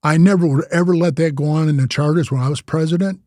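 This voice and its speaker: Older guy, storyteller type, keeps saying bro, kinda high voice, dry close mic. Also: fast talker, no room sound. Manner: animated storyteller, acts out other voices, says bro a lot. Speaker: interview guest, former biker club president. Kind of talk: casual storytelling.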